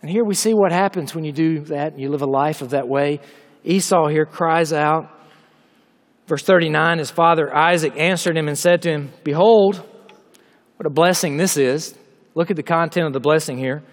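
A man preaching a sermon in a large hall, reading scripture aloud and explaining it with emphatic, drawn-out delivery. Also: a little high. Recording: long hall reverb.

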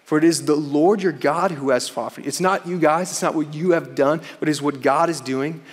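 A man preaching in a church, earnest and conversational, who keeps dropping "man" into his points. His voice sits a little high for a man, and a long reverb trails behind it in the hall. He slows right down when he reads scripture aloud. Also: breathy edge. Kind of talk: sermon.

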